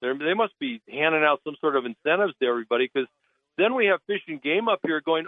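There's no room sound as this man, a naturalist calling into a radio talk show, talks fairly quickly in an expressive, fairly high voice. His tone is indignant and blunt, and he mocks officials by putting on voices over the phone.

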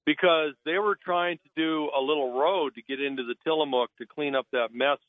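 A naturalist calls in to a radio talk show over the phone, his voice on the high side with fairly even intonation and a brisk pace. He's blunt and indignant, mocking officials in put-on voices. The recording is dry.

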